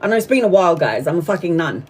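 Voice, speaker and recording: A woman's voice: lowish voice, very animated, quick pace, a little mellow, slightly rough. A woman giving a casual live-stream tarot reading. She chats freely, swears and laughs often. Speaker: tarot reader.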